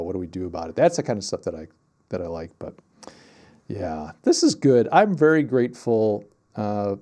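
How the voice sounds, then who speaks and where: A man's voice: medium pitch, warm tone. A man in his fifties hosting a livestream, chatting casually and thinking aloud in a reflective, rambling way from his home office. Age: 50s. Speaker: livestream host.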